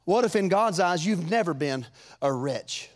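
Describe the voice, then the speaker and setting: High-voiced fervent preacher man. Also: lively intonation, measured pace. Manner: fervent, rises to shouts then drops low; folksy, repeats words. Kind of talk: sermon.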